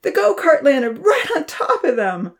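A boisterous boy's voice, high, loud and gleeful, shouting over the scene, as a woman reading a story puts her on. He sounds a little distant and full of careless glee in a children's storybook. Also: big pitch swings, measured pace, gravelly, full character voice. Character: loud laughing boisterous boy.

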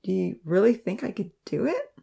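Woman reader does a curious young girl, questioning and skeptical; a touch gravelly. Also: medium pitch, very animated, normal speed, mellow, full character voice. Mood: hesitant.

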